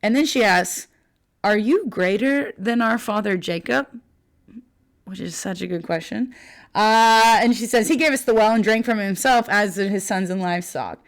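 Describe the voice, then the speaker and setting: A woman's voice: medium pitch, normal speed. Chatty woman teaching a Bible story. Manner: chatty, filler-heavy, animated retelling.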